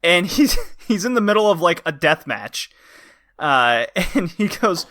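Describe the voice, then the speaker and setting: Podcast guy, high bright voice, bounces around a lot, laughs while telling stuff, dry close mic. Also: measured pace, no echo. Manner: animated, laughing storyteller. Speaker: podcast co-host. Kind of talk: casual podcast chat.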